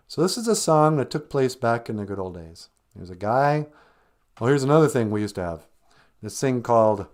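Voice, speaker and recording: A man's voice: medium pitch, a little mellow. A man hosting a live podcast, telling a rambling, self-deprecating story in a casual, conversational way before playing a song. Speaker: podcast host and musician.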